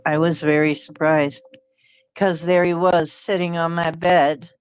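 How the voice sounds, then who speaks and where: A woman hosting her channel, telling a personal story in a halting way, often repeating herself and sighing. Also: sits low, little pitch movement, smooth. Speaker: channel host.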